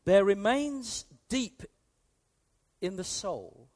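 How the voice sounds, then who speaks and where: Here a British man gives a sermon in a high-sitting voice, stretching out his words. He's animated and chatty, swinging between soft, hushed lines and emphatic ones.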